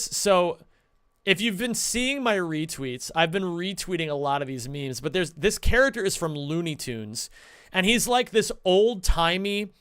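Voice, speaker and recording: A male streamer with a high, bright voice chats to his viewers in a loose, rambling way, excited and quick to swear. He is close to the mic in a dry room with no echo at all. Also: clean tone. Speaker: streamer and speedrunner. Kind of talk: casual live-stream chat.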